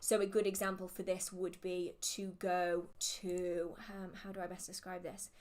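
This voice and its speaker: A woman's voice: fairly low pitch, level tone, normal speed, darkish tone. Chatty woman with the hiccups, talking casually on a livestream q&a, laughs at her own slips. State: has the hiccups. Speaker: witchcraft livestream host.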